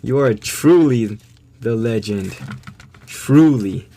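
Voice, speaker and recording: A man in an excited unboxing vlog, laughing often and stammering with joy. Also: mid-range voice, takes it slowly, a little hiss or hum. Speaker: vlogger.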